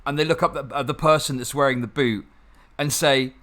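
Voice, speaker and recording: A gaming channel host, a young man, chats casually and sarcastically as he plays, swearing often and rambling with restarts. His medium-pitched voice is fairly even in intonation, a little fast, and fairly bright.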